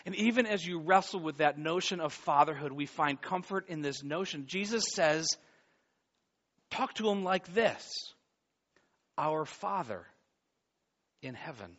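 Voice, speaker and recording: A man in his forties preaching a sermon, dropping to a hush and then rising to loud storytelling. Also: a little high, moderate pace, highs cut off. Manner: swings from hushed intimacy to loud acted-out storytelling. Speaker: pastor.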